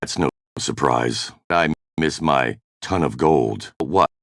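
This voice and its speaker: Gravelly, curt privateer captain. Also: male voice, very deep voice, slow, fairly bright tone, no echo, studio quality, exaggerated voice. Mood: gruff. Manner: curt, sardonic one-liners. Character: hard-bitten male privateer captain, blunt and mercenary. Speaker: voice actor in game recording sessions. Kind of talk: video game voice-over takes.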